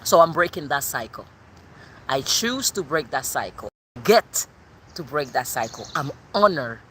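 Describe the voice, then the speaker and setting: A woman's voice: lowish voice, a bit bright, slight background noise. A woman with a Cuban accent giving a channeled tarot reading in an emphatic, sassy way that repeats her points. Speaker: tarot reader.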